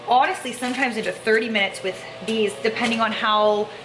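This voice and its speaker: A young fitness vlogger talks fairly quickly in a steady, high-leaning voice while showing how she cooks and tracks food at home. Her chatty delivery leans on "um" and "kinda," and the echoey kitchen carries background noise and faint ambience.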